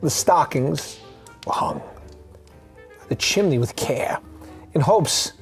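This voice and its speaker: A man doing a celebrity impression, reciting a holiday poem with dramatic odd pauses. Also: on the high side, animated, soft background music. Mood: theatrical.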